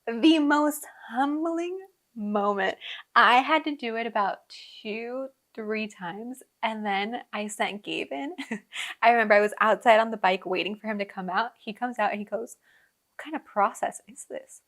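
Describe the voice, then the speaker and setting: A woman's voice: on the high side, measured pace, a bit bright. A young adult woman hosting a podcast, telling casual travel stories in a chatty way, with frequent laughs and lots of fillers. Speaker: podcast host. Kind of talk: casual storytelling.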